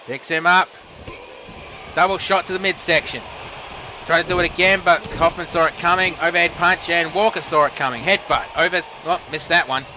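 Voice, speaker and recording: A man's voice: fairly high pitch, steady tone, pushed and bright, a little hiss or hum, rough recording. Man calling wrestling play-by-play. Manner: rapid move-by-move calling with casual asides. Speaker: wrestling commentator. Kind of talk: play-by-play commentary.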